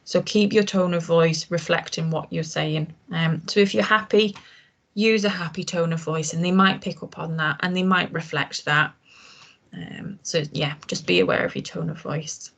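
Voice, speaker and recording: Low, gravelly woman leading a training session. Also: steady tone, normal speed. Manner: informal, explanatory, frequent ums and restarts. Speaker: communication skills trainer.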